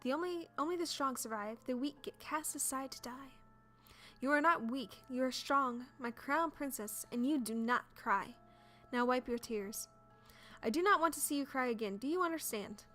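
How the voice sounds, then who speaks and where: A woman voicing a cold, stern royal mother who gives slow, harsh commands in a game playthrough. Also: high-pitched, sharp tone, soft background music.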